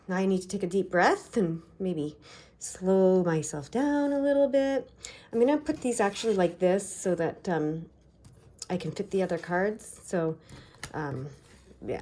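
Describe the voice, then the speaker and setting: A woman from Canada's East Coast giving a tarot reading, talking quickly and excitedly with many fillers. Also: lowish voice. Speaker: tarot reader. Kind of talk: tarot card reading to camera.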